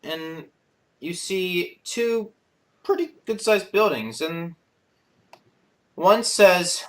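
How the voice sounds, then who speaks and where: A man running a tabletop game as game master, with a slightly higher-pitched voice than most men. He narrates in a halting way, pausing on many fillers as he describes the scene. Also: animated, a bit bright.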